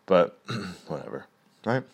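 A man's voice: low voice, sing-song, slow pace, gravelly, breathy edge. A young man in a casual, rambling rant, swearing often and laughing at his own stories.

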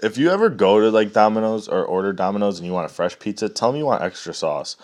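A man's voice: on the low side, expressive, fast, darkish tone. A young man in a casual, rambling rant, swearing often and laughing at his own stories.

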